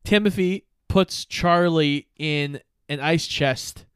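A man's voice: fairly high pitch, takes it slowly, a bit bright, clear, resonant tone, dry recording. A man co-hosting a podcast, steadily summarizing a movie plot with dry asides. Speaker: podcast co-host. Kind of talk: casual movie recap chat.

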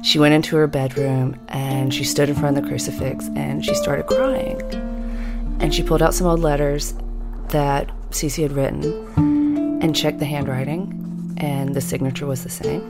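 A woman in her fifties telling a personal story in a measured, deliberate way, slowing down for emphasis. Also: low-pitched, steady tone. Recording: music bed under the voice.

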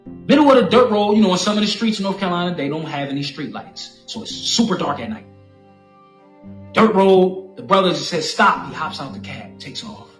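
A man telling a story in animated, slangy, profane street talk. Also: high voice, brisk. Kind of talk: casual storytelling monologue. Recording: echoey room with faint music.

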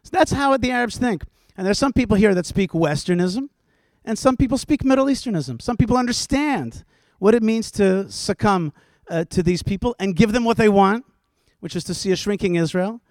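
A man's voice: high-pitched, expressive, normal speed, no room sound, studio quality. A man, a rabbi on a panel, arguing passionately in front of a live audience, firing off rhetorical questions between frequent "uh" fillers. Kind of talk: impassioned panel argument. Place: stage before a live audience.

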